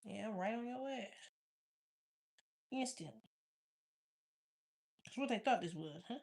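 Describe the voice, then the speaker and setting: A woman chatting casually with viewers as a tarot reader, telling stories in a blunt, profane, animated way. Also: medium pitch, unhurried, vocal fry, husky. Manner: blunt, profane, animated storytelling with frequent laughs. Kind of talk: casual live-stream chat.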